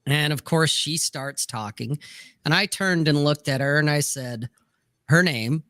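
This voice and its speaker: Brash, bright-voiced man telling a candid story. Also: a little high, a little slow, no room sound. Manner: candid, profane anecdote with frequent "you know". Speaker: podcast co-host. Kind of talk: casual storytelling on a podcast panel.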